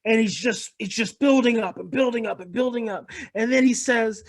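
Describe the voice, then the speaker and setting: A man's voice: very high voice, normal speed, few pauses. Earnest man telling a parenting story. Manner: earnest, repetitive, explains calmly. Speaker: speaker on parenting and attachment. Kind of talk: lecture with personal story.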